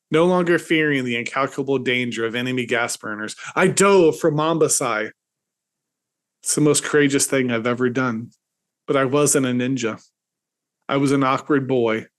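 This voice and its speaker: Man reading comic fiction dramatically. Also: fairly bright tone. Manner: dramatic, swings into high pitch at comic peaks. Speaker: host and author. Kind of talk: reading satirical fiction aloud.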